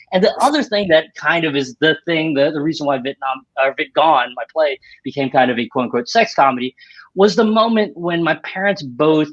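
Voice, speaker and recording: A man on a video call tells animated, self-mocking stories, swearing freely and slipping into voices for the people he quotes. His voice sits fairly high for a man. The sound is dull and lo-fi, like compressed call audio. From Arkansas, United States. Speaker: playwright panelist. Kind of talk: casual storytelling on a video panel.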